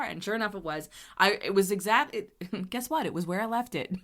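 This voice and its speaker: A woman podcast host telling a funny personal story in a chatty, animated way, laughing often as she goes. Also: medium pitch, a little fast. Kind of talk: storytelling monologue.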